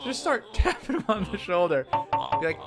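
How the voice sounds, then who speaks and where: A man telling a comedic story vlog-style, animated and acting out every character as he goes. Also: high-pitched, brisk, over music.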